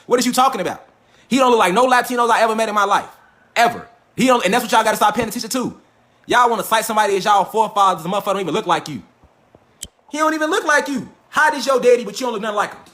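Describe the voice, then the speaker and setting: A man's voice: extremely high pitch, fast talker, fairly bright tone. A man giving a profane, emphatic livestream lecture into a phone or webcam, repeating rhetorical questions. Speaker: online lecturer. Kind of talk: animated livestream rant.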